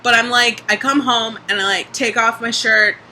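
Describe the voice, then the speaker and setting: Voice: mid-range voice, steady tone, normal speed, bright, forceful tone, slight background noise, rough recording. A young adult vlogger talking casually in a video diary, chatty, full of "like" and casual swearing.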